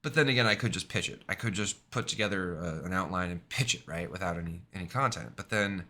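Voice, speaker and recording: Brief: male streamer, bright, tense-edged tone, casual rambling chat full of fillers. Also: low-pitched, fast. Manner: rambling, many fillers and tag questions.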